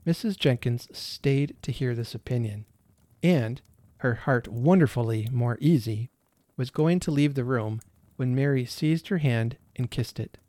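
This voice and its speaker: Man, storybook narration, gentle, expressive, dry close mic. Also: medium pitch, measured pace, dry recording.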